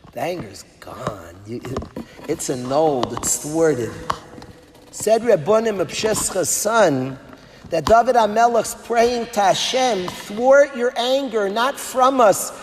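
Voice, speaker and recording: A man giving an impassioned sermon as a rabbi, swinging between hushed words and loud, sing-song passages. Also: high-pitched. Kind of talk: sermon to an audience of educators. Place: large hall at an event. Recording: long hall reverb, faint background noise.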